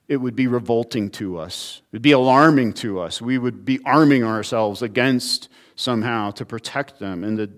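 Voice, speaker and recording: An earnest man delivers a sermon in a plain, mid-pitched voice. He teaches steadily, then lifts his voice and slows on the words he wants to stress. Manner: earnest teaching with emphatic rises, occasional restarts. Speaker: pastor.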